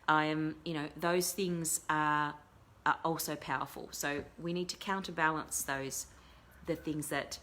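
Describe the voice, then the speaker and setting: A woman's voice: sits low, steady tone, measured pace, fairly bright tone. A middle-aged woman hosting a casual talk show as a life coach, chatting in a rambling way with many fillers and restarts. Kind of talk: casual live-stream talk.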